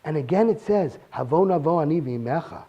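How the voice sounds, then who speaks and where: A man with a high voice gives a weekly Torah talk. His pitch swings widely as he poses one question after another. He reads verses aloud in Hebrew between his points. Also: expressive, brisk, lo-fi sound. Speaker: Torah teacher.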